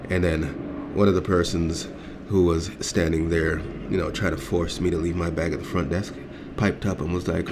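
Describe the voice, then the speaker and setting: A man's voice: low voice, steady tone, moderate pace, noisy background. A grown man telling a story as a heated, profane rant, acting out the exchanges in it. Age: adult.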